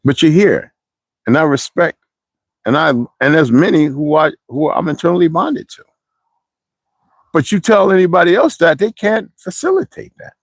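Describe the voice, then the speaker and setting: A man's voice: a little high, moderate pace, dry recording. A man talking on a livestream, preaching in a rambling, wandering way and reading out viewer comments. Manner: animated, preachy, digressive.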